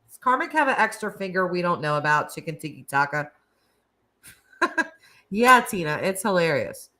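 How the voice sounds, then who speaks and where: A woman's voice: fairly low pitch, big pitch swings, moderate pace, pushed and bright. A woman hosting a casual live stream, chatting and laughing as she reacts to viewer comments. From United States. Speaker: livestream host.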